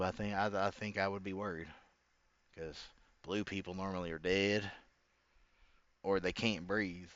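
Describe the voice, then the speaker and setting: Casual reaction host: a man, low and smooth voice, dry and slightly dull lo-fi sound, rambling and slangy. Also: fairly bright tone, no room sound. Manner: rambling, slangy, keeps saying bro. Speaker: commentator.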